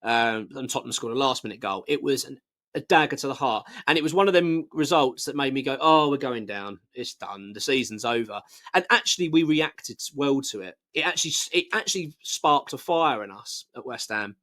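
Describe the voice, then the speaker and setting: A man's voice: medium pitch, brisk, sharp tone. A man, married, hosting a football fan channel and giving blunt, passionate casual commentary full of restarts. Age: adult, married.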